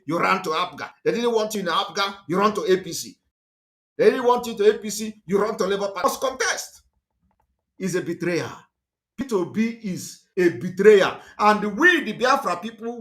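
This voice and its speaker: A man's voice: sits high, fairly bright tone. A man with a Nigerian accent gives a fiery, repetitive, emphatic political monologue as a livestream host.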